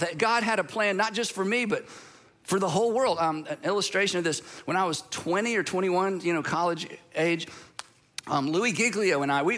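Bright-voiced American man preaching. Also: high voice. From Georgia, USA. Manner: storytelling, conversational with self-deprecating asides. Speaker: pastor. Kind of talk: sermon.

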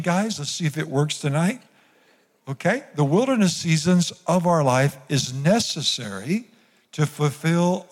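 In a church sanctuary with big-room sound, a pastor whose voice sits on the high side preaches a sermon to his congregation. He leads them in call-and-response, having them repeat his lines.

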